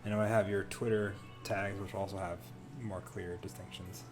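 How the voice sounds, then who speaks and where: Deep-voiced game master. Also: male voice, little pitch movement, moderate pace, music in the background. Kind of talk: narrating a tabletop game.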